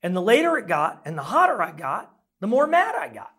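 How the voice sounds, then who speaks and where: Animated middle-aged male pastor preaching. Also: sits high, a little fast, breathy edge. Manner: conversational storytelling, self-deprecating humor. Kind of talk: sermon.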